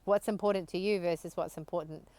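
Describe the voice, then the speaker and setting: Woman podcast co-host, lower voice, smooth and resonant, dry close sound, thoughtful. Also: fairly even intonation, fast, darkish tone, no echo. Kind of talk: casual conversational chat.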